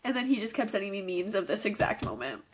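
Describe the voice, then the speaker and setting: A young woman co-hosting a podcast, chatting excitedly about a movie and laughing as she retells scenes. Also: mid-range voice, quick pace, slightly rough. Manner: excited, laughing, quotes film lines. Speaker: podcast co-host. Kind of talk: casual movie rewatch chat.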